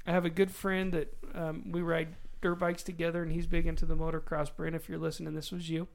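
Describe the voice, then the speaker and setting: A man in his forties, a father hosting a casual family chat, telling animated stories and laughing often as he goes. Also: on the high side, a little fast, vocal fry. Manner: animated storyteller, laughs often, does voices for quoted people. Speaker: father, podcast host.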